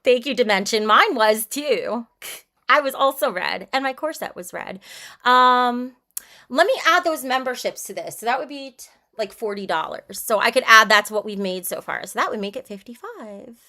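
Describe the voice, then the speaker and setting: A woman's voice: fairly high pitch, lively intonation, moderate pace, pushed and bright. A woman livestreaming, chatting casually and bluntly, reading out and answering her chat. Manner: breezy, frank and irreverent.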